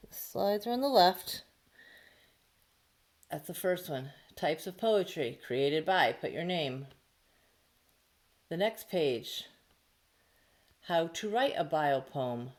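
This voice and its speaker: A woman teacher recording a remote lesson for her young pupils from home, speaking into her laptop mic. Her voice sits a little low, and she goes slowly and patiently, walking through each step. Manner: slow, patient, explaining step by step. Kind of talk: remote class lesson for children. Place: home, near the dining room.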